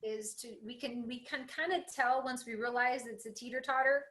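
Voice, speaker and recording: A woman's voice: fairly high pitch, steady tone, moderate pace, a bit bright, poor audio. A woman hosting a spiritual interview, earnest and affirming toward her guest. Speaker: host.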